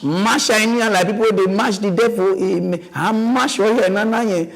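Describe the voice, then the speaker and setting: A man with a Nigerian accent hosts a mock news segment in a loose, rambling comic rant. His voice sits high, and he talks in an animated, wandering way, slipping into pidgin. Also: creaky, poor audio. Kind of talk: comic ranting commentary.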